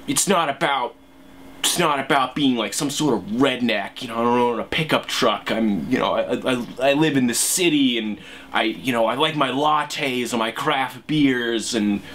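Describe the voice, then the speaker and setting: A man voicing a self-absorbed young male urban hipster who talks haltingly with lots of fillers. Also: mid-range voice, a bit bright, slight background noise, close to an everyday voice. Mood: defensive, preening. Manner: halting, filler-heavy, defensive.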